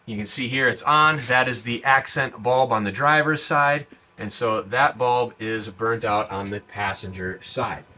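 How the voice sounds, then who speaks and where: A man's voice: medium pitch, measured pace, pushed and bright. A man hosting a how-to channel, talking through a car repair in a casual, step-by-step way, outdoors by a parked car. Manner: plain, step-by-step explaining. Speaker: host of a how-to video channel.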